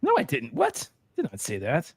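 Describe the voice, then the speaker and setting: A man's voice: fairly high pitch, wildly swooping pitch, normal speed, creaky, breathy edge, dry recording, studio quality. A man hosting a casual whiskey tasting panel, bantering, swearing and laughing as he reveals his rankings. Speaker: host.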